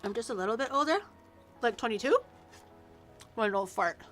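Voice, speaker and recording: A young Canadian woman livestreaming, her voice high and bright. She chats and teases her viewers, full of "um"s and "like"s, while faint music plays underneath. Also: expressive, moderate pace. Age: early 20s. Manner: chatty and teasing, with frequent fillers. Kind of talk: casual chat reacting to viewers.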